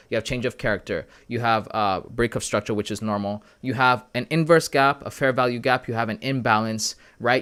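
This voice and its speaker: A man from Canada hosting a casual live stream. He chats with his viewers in a relaxed, friendly way about his trading, often calling them bro and man. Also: mid-range voice, clear, resonant tone. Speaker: livestream host sharing trading analysis.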